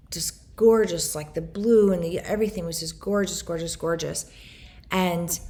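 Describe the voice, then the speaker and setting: Gravelly-voiced woman vlogging. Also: fairly low pitch, darkish tone. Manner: earnest, emotional, quick rambling. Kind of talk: personal vlog talk to camera.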